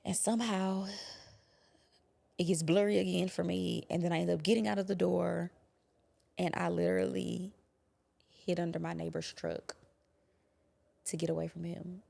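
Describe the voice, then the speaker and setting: A young adult woman quietly recounting a painful personal experience, halting and sometimes dropping to a whisper. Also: lowish voice, flat delivery, vocal fry. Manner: quiet, halting, drops to a whisper at hard moments. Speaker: guest telling her story. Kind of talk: personal testimony.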